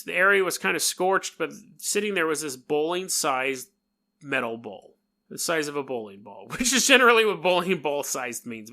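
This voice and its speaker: New york guy podcasting, kinda high voice, jokey and rambly, does little sound effects. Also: gravelly, bright, forceful tone. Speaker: podcast host. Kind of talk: casual storytelling monologue.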